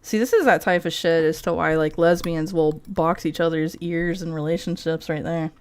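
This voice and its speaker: A woman's voice: low-pitched, fairly even intonation, normal speed, darkish tone, clean tone. A woman streamer in casual live-stream commentary, rambling and profane, laughing often as she talks.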